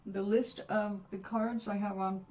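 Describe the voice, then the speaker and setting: Relaxed woman hosting a chatty live stream. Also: mid-range voice. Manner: soothing, chatty and unhurried, with long pauses. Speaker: livestream host reading cards for viewers. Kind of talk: relaxed live chat with viewers. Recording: somewhat distant mic with faint background ambience.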